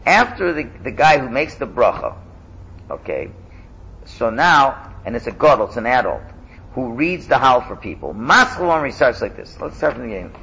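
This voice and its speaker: A man teaching a casual class, lively and animated, chanting loudly when he demonstrates. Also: medium pitch, normal speed, gravelly, dull audio.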